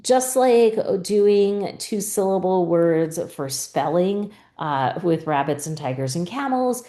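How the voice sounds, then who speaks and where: A woman's voice: on the low side, lively intonation, slow, dark tone. A woman teacher, patiently explaining a spelling rule and often checking in with "right?". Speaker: reading teacher. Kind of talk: instructional explanation.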